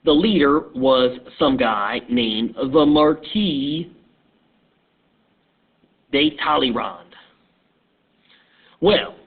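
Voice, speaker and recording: A male teacher walks through a history lesson as a loose, halting story. His delivery is slow and husky. The recording is thin and phone-like. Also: medium pitch. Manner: conversational, halting, digressive.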